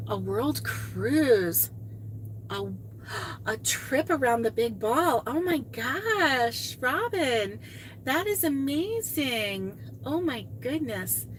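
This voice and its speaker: A woman's voice: sits high, very animated, slow pace, slight background noise. A woman hosting a crochet live stream, chatting casually with viewers and reading out their comments, gushing and exclaiming often. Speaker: crochet channel host reading live chat.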